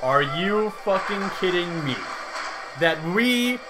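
A man co-hosting a let's play, chatting and reacting excitedly with lots of swearing. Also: high voice, slow, loud music behind the voice. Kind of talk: casual gaming commentary.

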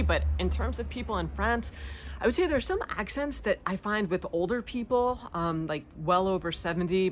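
A woman's voice: on the low side, slight background noise. A woman from the United States answering viewer questions in a casual vlog, chatty with lots of ums and likes. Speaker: vlogger.

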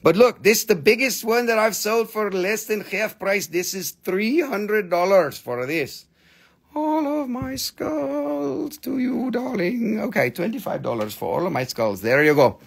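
A man selling crystals on a live stream, rattling off prices and teasing viewers in a playful, joking way that jumps from loud to mumbled. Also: high-pitched, expressive, normal speed, creaky, few pauses, breathy edge. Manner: playful, joking, swings between loud teasing and quiet muttering. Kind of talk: live sales stream patter.

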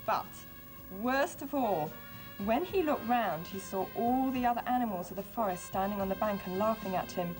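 A woman presenting a children's TV show, reading a storybook aloud and then showing a craft, in an expressive, friendly way. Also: mid-range voice, normal speed, soft background music.

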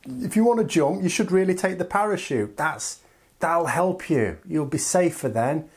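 A man voicing a patient, weary grown-up who coaxes and reasons with a stubborn child, with a husky voice. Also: fairly high pitch, expressive, moderate pace, darkish tone, voice pushed up. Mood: patient coaxing. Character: patient, weary adult union coaxing a child.

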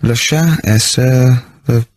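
A man co-hosting a radio show, chatting casually and telling animated stories in which he mimics people. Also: medium pitch, slow pace, dry recording. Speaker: radio co-host.

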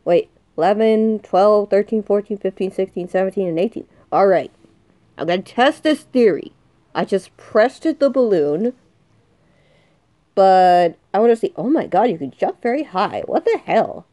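Twenty-something girl doing game commentary, jumpy and loud at scares, mellow voice, dry close mic. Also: mid-range voice, animated, moderate pace, no echo. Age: 20s. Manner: jumpy, swings from mutters to shrieks. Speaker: gaming youtuber. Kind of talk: excited let's-play commentary.

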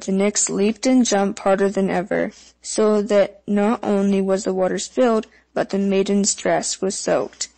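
A woman narrating a fairy tale audiobook in an even, measured storytelling manner. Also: mid-range voice, low-quality recording.

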